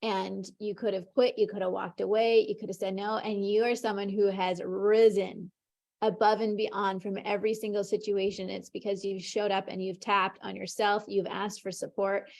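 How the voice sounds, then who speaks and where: A woman's voice: medium pitch, level tone, moderate pace, vocal fry, a little mellow. A woman host and tapping coach on a video call, effusive and encouraging toward her guest. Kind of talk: warm encouraging interview.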